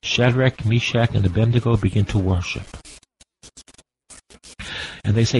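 A man's voice: on the low side, moderate pace, creaky, pauses often, darkish tone, rough recording. A man preaching a sermon with an impassioned, repetitive cadence, drawing out his words.

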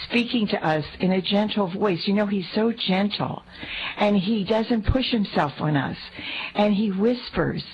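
A woman's voice: mid-range voice, vocal fry, dull audio. A woman sharing an earnest faith reflection with a priest, often repeating and restarting her words. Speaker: lay speaker in talk with a priest.

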